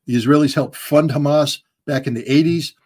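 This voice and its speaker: A man answering interview questions bluntly, often repeating words and filling pauses as he searches for his phrasing. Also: fairly high pitch, steady tone, a little mellow, husky. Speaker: guest commentator.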